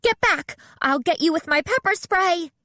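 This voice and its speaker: A woman's voice: fairly high pitch, lively intonation, normal speed, no echo, clean studio sound, pitched above the performer's own voice. A woman voicing a jumpy, indignant teenage girl in an audiobook. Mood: shrieking. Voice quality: indignant, loud when startled. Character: jumpy teen girl, quick to shout threats.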